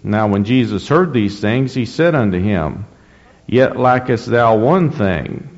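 A man preaching a sermon, reading scripture slowly and deliberately, with rising emphasis and frequent throat clearing. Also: on the low side, animated. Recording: dull lo-fi recording in a reverberant hall.

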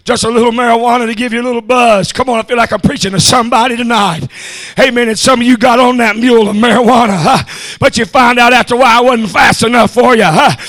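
A man preaching a revival sermon, shouting his lines and punctuating them with "huh?" and "amen". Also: extremely high pitch, steady tone, quick pace. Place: church service.

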